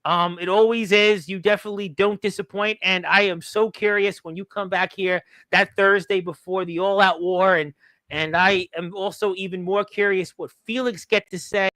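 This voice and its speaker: A man's voice: high voice, pushed and bright, no room sound. A man hosting a talk radio show, rambling along with lots of "um" fillers.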